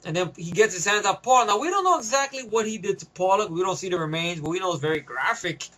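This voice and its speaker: A man's voice: high voice, expressive, fast, bright, forceful tone. A man giving a casual, loose movie review, swearing freely and chuckling often.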